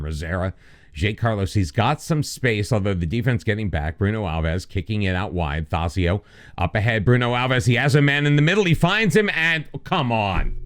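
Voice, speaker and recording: An American man casually commenting over a football management game, mixing play-by-play calls with joking, self-deprecating asides. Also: low-pitched. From United States. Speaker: gaming YouTuber.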